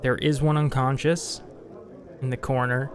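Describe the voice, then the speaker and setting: A man narrating as dungeon master, relaxed and a little hesitant. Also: mid-range voice, a little slow. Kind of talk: narrating a tabletop game.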